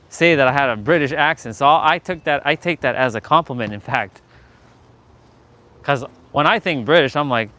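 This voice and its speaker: A man's voice: mid-range voice, bright, forceful tone. Playful rambling Southern American man. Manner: playful, rambling, talks to chat, laughs often. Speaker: live streamer. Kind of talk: casual live stream chat.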